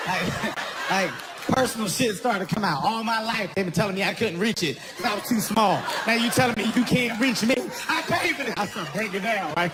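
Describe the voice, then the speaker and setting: A man doing stand-up comedy storytelling, animated and self-mocking, often laughing through his own lines. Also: sits high, moderate pace. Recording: live venue, audible ambient noise.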